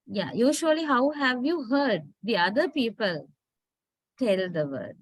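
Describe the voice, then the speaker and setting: Female phonetics lecturer, slow deliberate delivery, slightly high voice, patient, checks for understanding. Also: animated, no room sound. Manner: spells out words letter by letter.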